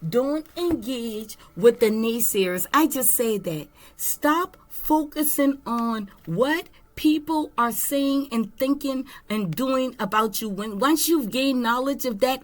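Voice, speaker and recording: A woman giving a spiritual tarot reading, slow, emphatic and earnest. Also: a little high. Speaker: tarot reader.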